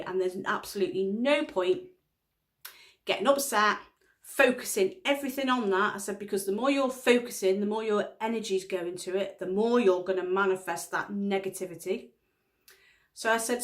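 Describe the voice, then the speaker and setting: A middle-aged woman, telling a story in a casual vlog, laughing often and acting out the lines of a conversation. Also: medium pitch. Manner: chatty storytelling, laughs often, acts out dialogue. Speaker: vlogger. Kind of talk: casual chat.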